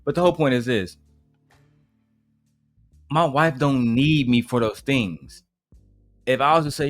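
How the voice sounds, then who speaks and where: A man's voice: mid-range voice, unhurried, pauses often, no room sound, soft background music. A man hosting a reaction livestream, talking in a blunt, profane, ranting way. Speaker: livestream host. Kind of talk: casual reaction stream chat.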